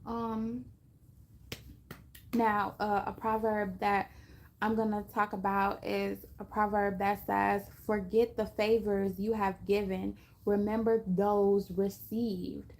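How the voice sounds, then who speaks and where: A woman's voice: mid-range voice, little pitch movement, slow, a little mellow. A woman giving a casual spiritual talk to her viewers, chatty, often laughing and acting out little voices. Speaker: astrology reader.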